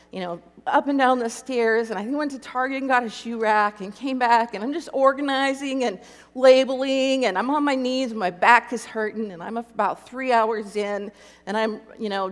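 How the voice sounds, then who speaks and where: A middle-aged woman giving a personal testimony talk, telling her story conversationally and acting out her inner speech. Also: fairly high pitch. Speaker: Christian speaker. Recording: long hall reverb.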